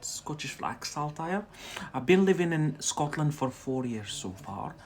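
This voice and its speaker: A man's voice: on the high side, sing-song, measured pace, darkish tone. A man from Algeria, not a native English speaker, giving a chatty live-stream English lesson and answering viewers' questions with many fillers. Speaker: English teacher.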